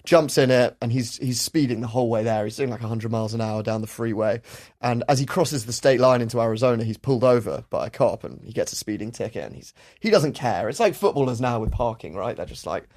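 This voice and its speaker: A man's voice: medium pitch, fast. Man telling a story animatedly. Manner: animated, acts out characters with loud shouted impressions. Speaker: podcast host. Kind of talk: storytelling chat.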